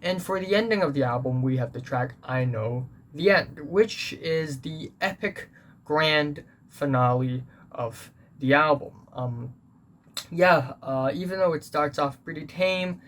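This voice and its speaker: A man reviewing a music album in a casual, earnest way, pausing often with fillers and restarts. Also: a little high, a bit bright.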